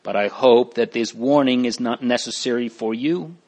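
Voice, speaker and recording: A man's voice: mid-range voice, normal speed, a little mellow, close to an everyday voice. A man voicing a solemn, thoughtful male pilgrim in a storybook. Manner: solemn, reflective.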